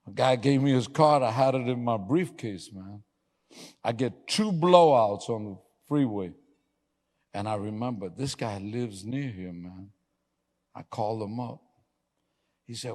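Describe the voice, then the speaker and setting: A man preaching a sermon as pastor, telling lively stories, laughing and suddenly yelling for emphasis. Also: mid-range voice. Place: church sanctuary. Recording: long hall reverb.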